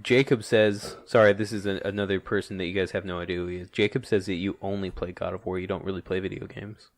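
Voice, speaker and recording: A man's voice: deep voice, steady tone, fast, dry recording. A young man co-hosting a casual podcast, making dry, blunt remarks and steering the conversation. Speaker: podcast co-host.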